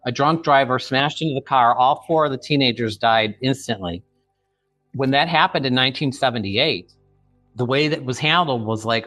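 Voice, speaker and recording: Man in his fifties, earnest, halting, restarts often, dry sound, faint music behind. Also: mid-range voice, fairly bright tone, no echo. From Chicago area. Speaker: author guest. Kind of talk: podcast interview.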